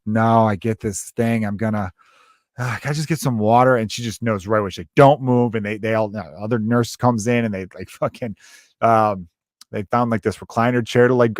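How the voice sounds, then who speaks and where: A man's voice: fairly low pitch, dry recording, clean studio sound. A man hosting a podcast, telling rambling stories in a casual comedic monologue with plenty of swearing. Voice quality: rambling, profane, animated storytelling. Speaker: podcast host.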